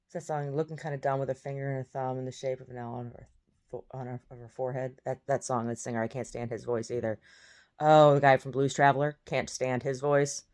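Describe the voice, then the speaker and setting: A woman's voice: extremely low pitch, flat delivery, brisk, a little mellow. Blunt groggy woman rambling in bed. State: groggy first-thing-in-the-morning voice. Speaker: vlogger. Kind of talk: casual monologue. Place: in bed at home.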